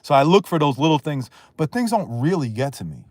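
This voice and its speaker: A man talking casually on a livestream, blunt and profane, rambling and quick to raise his voice. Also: fairly high pitch, sing-song, darkish tone, no room sound. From Northeast United States.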